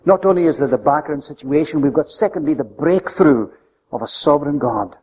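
A man preaching a sermon with an emphatic delivery that swings between loud, high stresses and soft, low drops. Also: lively intonation, fairly quick, husky. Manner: emphatic, rising and falling delivery. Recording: lo-fi recording with long hall reverb.

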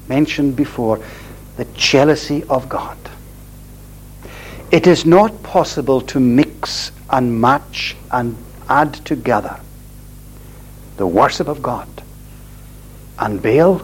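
A man preaching a sermon in a deliberate, emphatic way, repeating phrases and stressing key words. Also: mid-range voice, a little hiss or hum, poor audio.

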